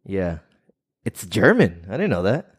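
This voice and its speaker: A man's voice: low voice, huge pitch swings, unhurried, slightly rough. A man co-hosting a podcast in casual chat, laid-back, trailing off and swearing casually. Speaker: podcast co-host.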